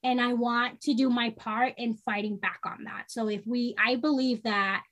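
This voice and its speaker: A woman from New York state talks as a guest in a casual podcast interview. Her voice sits a little high, and she speaks earnestly and with energy. Now and then she acts out the voices of people she quotes. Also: fairly even intonation, moderate pace, fairly bright tone. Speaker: podcast guest, social worker.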